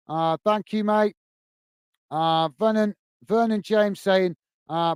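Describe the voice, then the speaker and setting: A man's voice: sits high, fairly even intonation, takes it slowly, a little mellow, clear, resonant tone, no echo. A man hosting a football fan live stream, reading out viewer comments and replying in a frustrated, emphatic way that repeats points. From United Kingdom. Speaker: host of a football fan channel.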